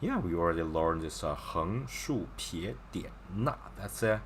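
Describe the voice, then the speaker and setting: Male tutor, unhurried, chatty and encouraging, walks through examples step by step. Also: low-pitched, animated, fairly bright tone, a little hiss or hum. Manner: chatty, explains with gestures and repeated examples. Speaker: Chinese teacher. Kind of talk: casual online language lesson.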